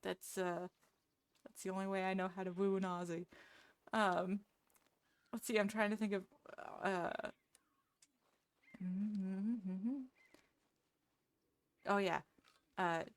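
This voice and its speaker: A woman's voice: medium pitch, flat delivery, takes it slowly, long pauses, no echo. A woman streamer chatting casually with her viewers, self-deprecating and laughing often. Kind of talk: casual live-stream chat.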